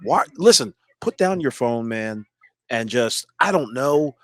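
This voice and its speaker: A man's voice: mid-range voice, lively intonation, measured pace, a bit bright, no room sound. A man co-hosting a casual talk show, chiming in with blunt, profane and wry remarks. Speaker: podcast co-host.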